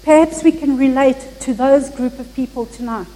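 A woman preaching a Christmas sermon, telling a story in an earnest, measured way with occasional slips. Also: high-pitched, warm tone, in a large hall, rough recording.

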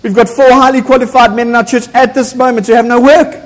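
A man's voice: very high-pitched, flat delivery, fast. A man, a pastor preaching an impassioned, emphatic sermon in a church. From South Africa. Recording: echoey church hall.

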